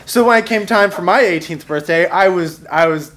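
A man's voice: high voice, normal speed, fairly bright tone, slight background noise. A young man telling a funny personal story on stage, wry and self-mocking, chuckling as he goes. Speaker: storyteller at a live show. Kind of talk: live comic storytelling.

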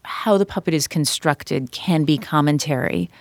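Low-voiced woman telling stories, dry sound. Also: moderate pace, gravelly, dry recording. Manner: chatty storyteller, many fillers and restarts. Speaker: podcast guest, author and puppeteer. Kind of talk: casual conversation.

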